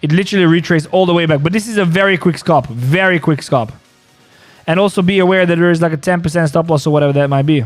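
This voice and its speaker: A man runs a casual live trading stream, his voice sitting high. He talks in excited bursts and repeats his points again and again. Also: fast talker, faint music behind. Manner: excitable, repeats himself, calls people bro. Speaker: crypto live-stream host.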